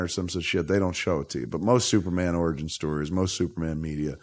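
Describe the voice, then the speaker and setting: A man's voice: deep voice, fast. A man hosting a podcast, telling stories in a casual, profane, joking way. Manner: profane, joking, animated storytelling. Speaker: podcast host.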